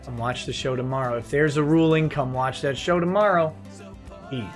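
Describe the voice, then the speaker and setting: A man's voice: mid-range voice, normal speed, faint music behind. A man, a lawyer hosting a late-night livestream, reading viewer comments aloud and joking about them in a casual, wry way.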